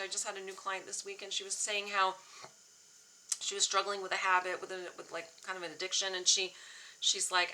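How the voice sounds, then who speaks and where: A woman's voice: mid-range voice, sharp tone, slight background noise, rough recording. A middle-aged woman therapist sharing a personal story, speaking candidly and earnestly with frequent restarts, emotional at times. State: emotional, near tears. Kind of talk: personal reflective talk.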